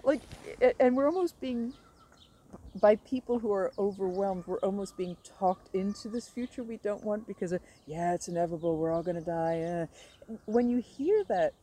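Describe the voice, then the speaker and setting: A woman guest in a casual conversation, telling stories with animated energy and frequent laughter. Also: medium pitch, normal speed, low-quality recording. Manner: laughs often, animated storytelling. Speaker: stand-up comedy teacher, guest.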